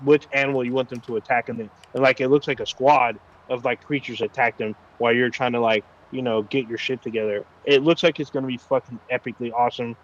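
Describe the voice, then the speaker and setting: A man chats casually on a gaming podcast, tossing out swear words and fillers as he goes. His voice sits at an ordinary middle pitch. The audio sounds a little dull and lo-fi. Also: steady tone, fast, hardly any pauses. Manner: loose and profane, lots of fillers. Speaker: podcast co-host.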